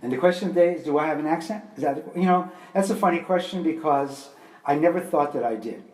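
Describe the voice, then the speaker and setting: An older man from Brooklyn with a light New York accent, answering interview questions in a relaxed, rambling way with plenty of fillers. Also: on the high side, fast. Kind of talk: casual personal interview. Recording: roomy echoey recording.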